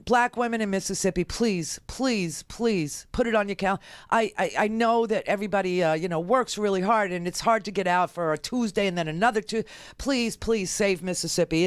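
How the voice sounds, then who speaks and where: Exasperated woman radio host, smooth dry voice. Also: on the high side, no room sound. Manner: exasperated, emphatic, repeats phrases for effect. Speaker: radio talk show host. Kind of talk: political commentary rant. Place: radio studio.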